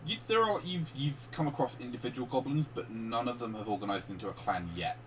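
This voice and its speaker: A man's voice: medium pitch, a little fast, a bit bright. A man narrating as game master of a tabletop game, rambling, with many fillers and restarts. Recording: distant mic with faint hum.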